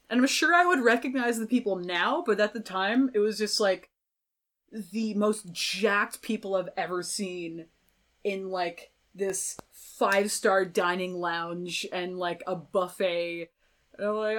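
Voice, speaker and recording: A young woman, a violinist appearing as a guest on a podcast, tells a story in a casual, animated way, acting out other people's voices. Her voice is mid-range and unhurried.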